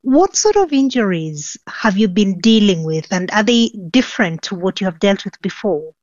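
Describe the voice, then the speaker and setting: A woman's voice: mid-range voice, sing-song, normal speed, darkish tone, dry recording. Woman presenter asking probing questions. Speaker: news presenter. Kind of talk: news interview. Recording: dull, dry studio sound.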